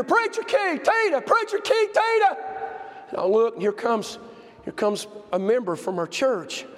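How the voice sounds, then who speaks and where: A man preaching a sermon, telling stories with passion and swinging from shouts to hushed tones. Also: high voice. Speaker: pastor. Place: church sanctuary. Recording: long hall reverb.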